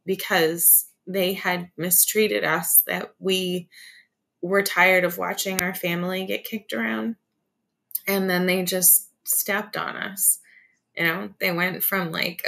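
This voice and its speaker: A woman's voice: lowish voice, flat delivery, takes it slowly, gravelly, fairly bright tone. A woman union organizer on a video-call interview, telling her story in an earnest, emotional way with many fillers and restarts.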